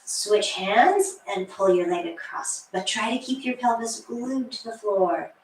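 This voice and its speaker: A woman's voice: mid-range voice, animated, a little slow, recorded from a distance. A woman leading a workout as a fitness instructor, encouraging and counting down, slightly out of breath. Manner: encouraging, counts down, light laughs. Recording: echoey room, voice off-mic, faint hiss.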